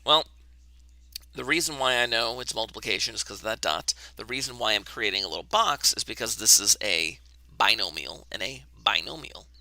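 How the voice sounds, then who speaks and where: A man's voice: lowish voice, expressive, moderate pace, gravelly, pushed and bright, no echo. A man teaching an online math class, talking casually and thinking aloud as he writes and adjusts his camera, recorded on a webcam. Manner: casual, talks to himself while setting up camera.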